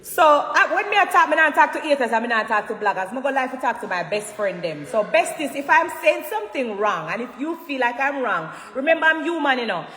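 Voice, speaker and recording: A Jamaican woman speaks to her fans in a high voice, emphatic and animated, often rising to loud bursts. Her phone sits in a room that echoes with a long reverb trail. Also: fairly quick, few pauses. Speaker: dancehall artist addressing fans. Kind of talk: casual livestream talk. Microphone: phone livestream.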